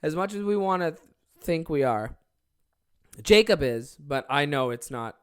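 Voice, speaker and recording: A man's voice: on the high side, lively intonation, unhurried, clean tone. A young man hosting his own podcast alone from his office, rambling casually with lots of swearing and self-deprecating asides. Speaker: podcast host. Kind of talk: casual solo podcast chat.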